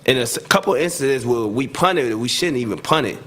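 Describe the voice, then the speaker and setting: A man, a guest telling a lively sports story in casual chat, laughing often and acting out what people said. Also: mid-range voice, fast talker. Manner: animated, acts out quotes, laughs often. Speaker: guest, former NFL receiver.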